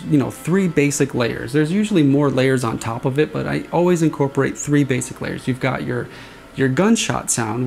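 Guy with a gravelly voice chatting loosely about building sounds, faint music behind. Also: mid-range voice. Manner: relaxed, rambling, imitates swing sounds with his voice. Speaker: saber sound font designer. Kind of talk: casual explanatory demo talk.

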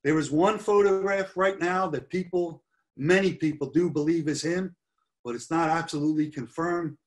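A man's voice: on the high side, moderate pace. A middle-aged man giving a history lecture over slides, earnest and stressing key points by repeating them. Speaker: history presenter.

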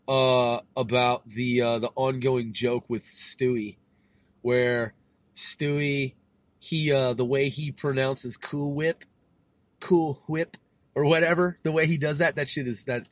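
A man's voice: medium pitch, dry recording. A man in his thirties hosting a solo podcast, rambling in loose, profane slang and laughing at himself as he reads things aloud. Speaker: podcast host.

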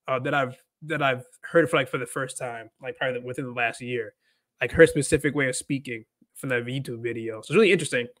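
A man's voice: mid-range voice, sharp tone, no room sound. A man hosting a casual livestream, rambling with lots of "like" and restarted sentences. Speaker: host.

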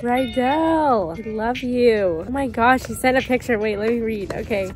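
An excitable young woman chats on her vlog in a gushing, breathless way, with a fairly high voice. Music plays faintly behind her. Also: fairly quick, few pauses. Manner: gushing, excitable, often gasping and laughing. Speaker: vlogger. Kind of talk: casual vlog chat.

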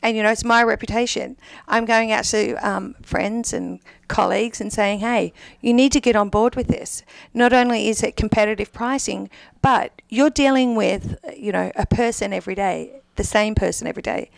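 An Australian woman chatting casually on a talk show, upbeat and talkative as she pitches her business services. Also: steady tone, normal speed, vocal fry, few pauses, dry recording. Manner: chatty, upbeat, self-promoting. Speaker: payroll services guest.

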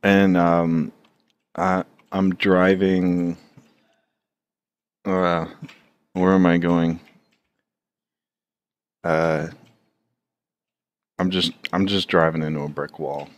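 This streamer's voice sits low and barely moves in pitch as he talks through his drawing. He wanders from thought to thought, curses without restraint and trails off into frequent fillers.

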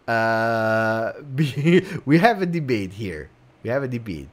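A man's voice: lowish voice, big pitch swings, measured pace. A man hosting a casual livestream chat, teasing and repeating words for effect. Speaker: host of a football fan channel.

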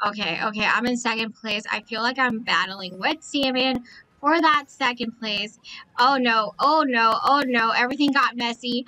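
A young woman live-streaming a racing game, talking with the chat and repeating excited exclamations as she plays. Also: on the high side, a little slow, poor audio. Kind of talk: excited gameplay commentary.

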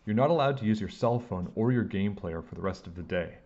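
Guy doing a bossy film director dad, deep voice, barks orders, muffled sound. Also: animated, fairly quick. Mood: angry. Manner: shouting, demanding. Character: stern angry man, a film director and father.

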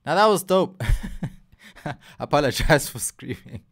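A young man, hosting a casual music video reaction and talking straight to his viewers in a loose, excitable way. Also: fairly high pitch, takes it slowly. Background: faint hip hop from the video.

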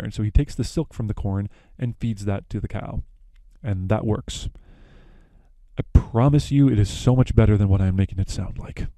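A young adult man with a lowish, mellow voice hosts a podcast, recorded with no room sound. He casually retells a plot, leaning on lots of fillers and correcting himself as he goes.

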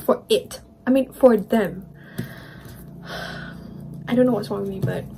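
A woman's voice: mid-range voice, takes it slowly, creaky, mellow, slight background noise, low-quality recording. A young woman with a Malaysian English accent, chatting casually in a vlog at home, bubbly and a little out of breath, slipping in Malay words. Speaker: vlogger.

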